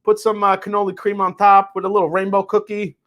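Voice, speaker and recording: A man's voice: high-pitched, completely flat delivery, quick pace, a bit bright, pitched above the performer's own voice. A man voicing a foul-mouthed male New Jersey mobster who gushes with heavy profanity, on a casual livestream. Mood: gushing. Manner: profane, gushing.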